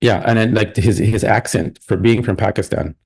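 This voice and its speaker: A man's voice: lowish voice, normal speed, vocal fry, darkish tone, husky. A man hosting a live stream, chatting casually and rambling with plenty of restarts and opinions.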